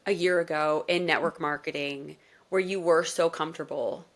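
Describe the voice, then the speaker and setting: A woman hosting a podcast interview, asking probing questions and backing her guest with steady affirmations. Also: deep voice, normal speed. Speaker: podcast host. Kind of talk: conversational interview.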